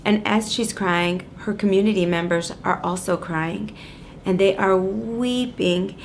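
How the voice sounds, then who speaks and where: A woman educator telling a personal story in an expressive way, her voice swinging from lively to hushed. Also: medium pitch, measured pace, a little hiss or hum. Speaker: Jewish educator and coach.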